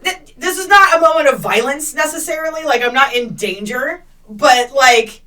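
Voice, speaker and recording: A woman with a bright, forceful voice tells a story in loose podcast chat, cursing often and jumping into the voices of the people in it. She sounds a little distant from the mic. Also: high-pitched, moderate pace. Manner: profane, animated storytelling with acted-out quotes. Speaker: podcast co-host.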